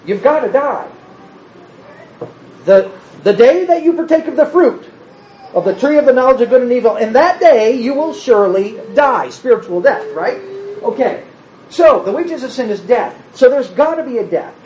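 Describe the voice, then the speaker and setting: A man delivers an expository sermon in a lively, animated way, acting out the speech he quotes. His voice carries a roomy echo and sounds slightly muffled, with faint noise underneath. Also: very high voice. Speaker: preacher.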